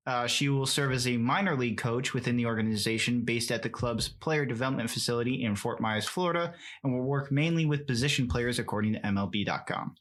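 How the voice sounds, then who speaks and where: A man's voice: mid-range voice, fast talker, hardly any pauses, fairly bright tone. Man co-hosting a casual news podcast. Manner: leads the topics, reads out news items. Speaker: podcast co-host. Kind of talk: casual chat.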